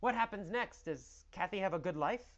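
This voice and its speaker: A man's voice: high voice, lively intonation, moderate pace, fairly bright tone, dull audio. A man teaching English through a story, asking questions and answering them himself with exaggerated emphasis.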